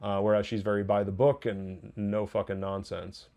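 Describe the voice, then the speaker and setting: A man hosting a podcast, reviewing a TV episode in casual solo talk, chatty and excitable, laughing often and breaking off to restart his points. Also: lowish voice, moderate pace, creaky.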